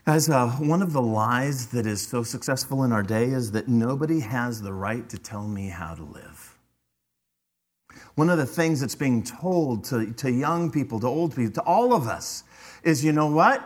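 A man's voice: mid-range voice, animated, moderate pace. A man preaching a sermon as a pastor, emphatic and often repeating words as he drives a point home. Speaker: father.

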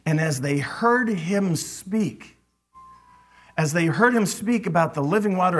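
Male pastor, sermon, high-pitched, husky tone, animated delivery. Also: a little slow. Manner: animated preaching with rising, emphatic quotes.

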